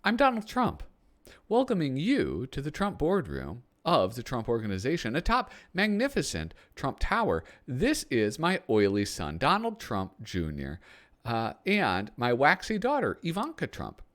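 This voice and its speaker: A man's voice: mid-range voice, huge pitch swings, measured pace, fairly bright tone, voice pushed up. A man putting on the voice of a boastful, self-obsessed older tycoon, pompous and full of himself. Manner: pompous, repeats his own name.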